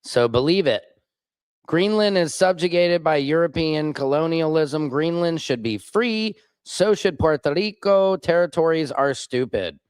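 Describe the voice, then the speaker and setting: A man's voice: fairly high pitch, a little slow, clean tone, no room sound. A man hosting a live stream, reading viewer comments and answering them bluntly and sarcastically. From Missouri. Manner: blunt, sarcastic, reacts loudly to clips.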